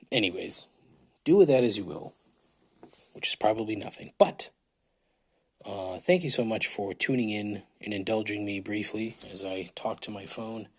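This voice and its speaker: A podcast host with a fairly low, husky voice rambles through a casual solo episode, swearing and poking fun at himself. His throat sounds dry, and he's recording on a phone in a large hotel room.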